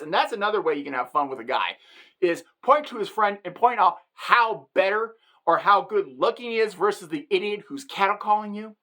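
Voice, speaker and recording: Brief: emphatic joking woman, bright forward tone, comic monologue. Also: medium pitch, animated, a little fast. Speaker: vlogger.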